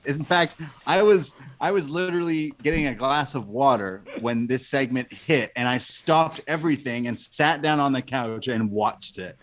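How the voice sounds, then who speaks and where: A man co-hosts a wrestling review podcast in loose, casual chat. He rambles and riffs with animated energy. His voice is of ordinary middle pitch for a man. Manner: animated, rambling, laughing commentary. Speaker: podcast co-host.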